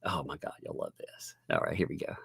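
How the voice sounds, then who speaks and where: A man's voice: a bass voice, very animated, a little fast, vocal fry, a bit bright, breathy edge, no echo, clean studio sound. Sarcastic man chatting on a live stream, laughing. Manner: chatty, talks while working on screen. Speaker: host.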